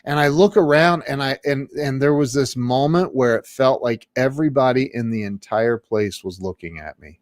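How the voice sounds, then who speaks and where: Man, middle-aged, interview guest, casual storytelling, rambling restarts, clear smooth voice, dry recording. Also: medium pitch, normal speed, few pauses, no room sound. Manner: rambling with many restarts, animated when quoting others. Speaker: guest, social media marketing coach.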